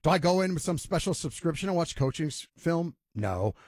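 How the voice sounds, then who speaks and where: A man's voice: on the high side, lively intonation, fairly quick, darkish tone, dry recording, clean studio sound. A man hosting a sports talk radio show, ranting emphatically and mocking others in voiced quotes.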